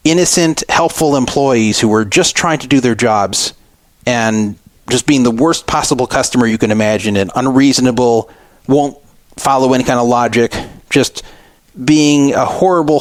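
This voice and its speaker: A man's voice: medium pitch, no room sound. Aggrieved middle-aged man telling a story. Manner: aggrieved, re-enacting arguments. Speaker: radio show host. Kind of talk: storytelling monologue.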